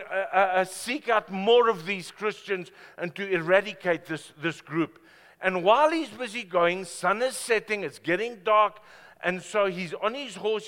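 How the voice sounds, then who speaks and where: A man preaching a sermon as pastor, telling the story with big swings from loud bursts to hushed, gentle passages. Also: high voice. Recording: hall reverb.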